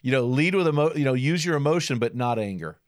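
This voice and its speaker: A man hosting an interview, reflective and quick with short agreements. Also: medium pitch, animated, no room sound, clean studio sound. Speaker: podcast host. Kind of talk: interview conversation.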